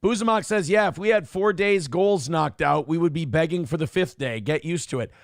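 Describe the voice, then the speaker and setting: A man with a high-pitched voice hosts a casual livestream, reading out chat messages. He is loud and joking, jumping between shouts and low mutters. The sound is dry and close to the mic. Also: fairly quick, no room sound. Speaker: show host reading chat donations.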